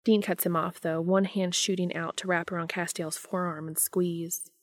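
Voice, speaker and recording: A woman narrating a romantic story in a calm, slow, measured way. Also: on the low side, no room sound, studio quality. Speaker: story reader.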